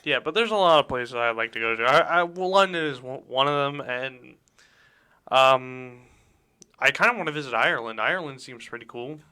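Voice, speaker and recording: A man's voice: mid-range voice, brisk, sharp tone, clean tone. A man hosting a radio show, chatting loosely and jokingly, often repeating words as he goes. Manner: rambling, jokey, repeats words. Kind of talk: casual radio chat. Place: radio studio.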